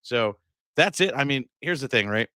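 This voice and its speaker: A man's voice: medium pitch, lively intonation, normal speed, sharp tone, clear, resonant tone, no echo, clean studio sound. A man co-hosting a sports podcast in loose, joking casual chat with plenty of fillers. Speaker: podcast co-host.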